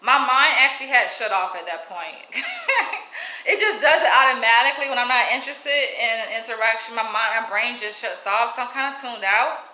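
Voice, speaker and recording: A woman's voice: moderate pace, roomy sound, low-quality recording. A woman vlogger telling a personal story in a casual, outspoken way, with light cursing. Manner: outspoken, animated, drops into higher mimicking voices when quoting others. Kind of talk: casual storytelling to camera, reading live chat.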